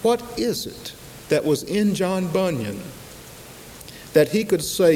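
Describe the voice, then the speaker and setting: A man preaching a sermon, slow and emphatic, with dramatic pauses and repetition. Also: high-pitched, big pitch swings, a little mellow. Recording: long hall reverb, faint hiss.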